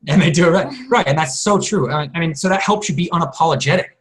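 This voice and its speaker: A man guest on a team call, telling stories in an animated, emphatic way. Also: a little high, fast talker. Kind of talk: casual chat.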